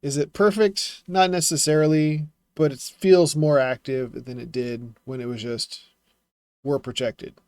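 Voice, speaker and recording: A man talking through writing advice in a casual vlog, thinking aloud with fillers and quick self-corrections. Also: medium pitch, fairly even intonation, darkish tone, clean tone, dry recording. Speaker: self-publishing vlogger critiquing writing.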